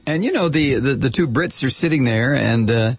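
Sarcastic husky-voiced male talk host. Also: mid-range voice, lively intonation, normal speed, no room sound. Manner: sarcastic, incredulous, rambling with restarts. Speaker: radio talk show host. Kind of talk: opinionated talk radio monologue.

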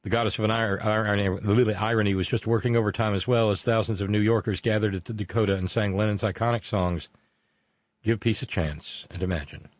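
Rambling low-voiced male show host. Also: fairly even intonation, a little fast, no echo, clean studio sound. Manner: rambling, pun-heavy, stumbles and restarts. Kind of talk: live show monologue reading viewer messages.

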